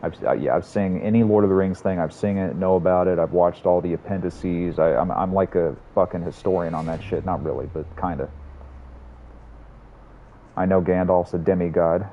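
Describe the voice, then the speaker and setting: A man's voice: low voice, normal speed, lo-fi sound, a little hiss or hum. A man streaming a game, chatting casually and rambling with lots of swearing and self-mocking asides. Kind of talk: casual gameplay chat.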